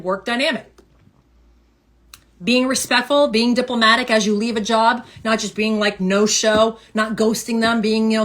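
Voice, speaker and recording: Woman tarot reader, casual stream, higher-pitched, punchy repeated phrasing. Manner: animated, emphatic, repeats phrases. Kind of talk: casual tarot reading livestream.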